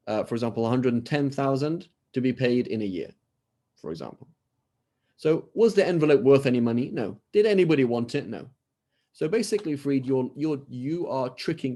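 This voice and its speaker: Man, British accent, warm mellow tone, conversational lecture, frequent "right?", video call audio. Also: medium pitch, very animated, moderate pace. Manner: conversational, keeps asking "right?" and acts out little dialogues. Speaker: Islamic scholar teaching a class.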